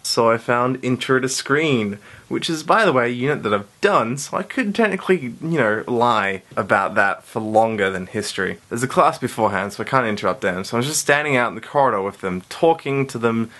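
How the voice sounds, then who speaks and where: A young man recounts a story to camera with lots of life in his voice, his pitch leaping up and down as he acts out the people in it. He laughs easily and keeps a casual, chatty flow. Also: animated, fairly quick, hardly any pauses, a bit bright. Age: young adult. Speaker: university student and vlogger.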